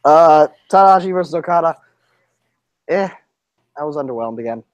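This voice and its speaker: A young man co-hosting a podcast over a call, talking in a slightly high voice with crude, swearing banter and frequent laughter. His sound is dry and close, with no room around it. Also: lively intonation, normal speed, no room sound, highs cut off. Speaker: podcast co-host. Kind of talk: casual chat.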